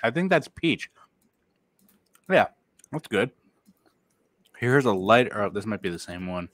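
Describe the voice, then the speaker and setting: A man co-hosting a podcast in casual chat, loud and excitable, laughing and swearing often. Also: lowish voice, slow. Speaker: podcast co-host.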